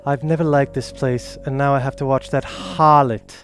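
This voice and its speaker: A man's voice: medium pitch, fairly even intonation, normal speed, faint music behind, natural voice. A man voicing a bitter, jealous woman in a put-on English accent, reading game lines in a sneering, clipped way. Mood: scornful.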